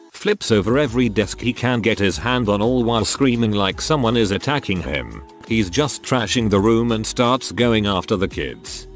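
A man narrates first-person stories from a script, his voice sitting fairly low while the pitch rises and falls with lively movement. Soft music plays faintly underneath him. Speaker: narrator reading online stories.

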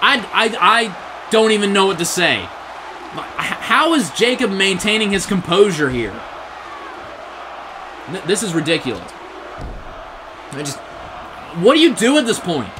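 A man giving excited play-by-play wrestling commentary, often shouting in disbelief, his voice getting strained. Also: high voice, a little slow, long pauses, a crowd in the background, noisy background.

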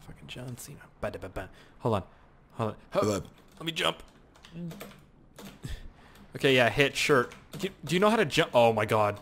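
A young man giving casual, excitable commentary while playing a video game, swearing and exclaiming often. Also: mid-range voice, brisk. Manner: excitable and profane, frequent exclamations and laughs. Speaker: gameplay commentator.

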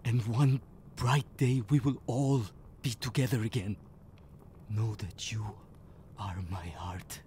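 An actor voicing a dying husband in a video game, speaking calm, slow and tender. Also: male voice, medium pitch, slight background noise, natural voice.

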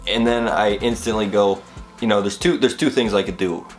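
A young man vlogger telling college stories in a casual, rambling, animated way, full of fillers. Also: on the low side, moderate pace, faint music behind. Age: young adult. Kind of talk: casual storytelling vlog.

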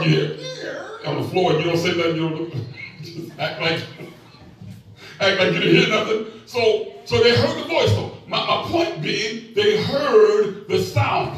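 Echoey preacher man, higher voice. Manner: call-and-response with the congregation, playful asides. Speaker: pastor. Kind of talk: preaching a sermon. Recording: echoey room, mic at a distance.

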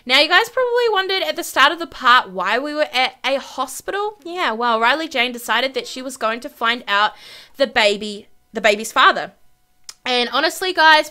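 Bright, chatty young woman gamer. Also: fairly high pitch, clean tone. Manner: chatty, dramatic, says "honestly" and "freaking" a lot. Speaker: gaming channel host. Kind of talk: casual let's-play commentary.

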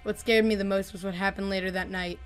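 Woman reading creepy stories, calm and measured, average pitch, faint music under it. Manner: calm, measured, dropping softer on grim lines. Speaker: storyteller. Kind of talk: scripted narration of horror stories.

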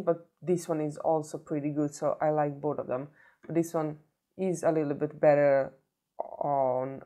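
Woman, beauty vlogger, deep voice, hoarse from a cold, tired, chatty, restarts words. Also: mellow. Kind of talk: casual makeup review vlog.

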